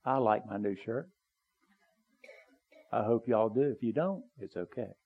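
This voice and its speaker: Earnest preacher, swelling then hushed. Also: male voice, lowish voice, a little slow, husky, phone-quality sound. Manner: earnest, rising to emphatic pleading, then dropping soft; conversational with small asides. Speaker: pastor. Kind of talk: sermon. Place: church sanctuary, also live streamed.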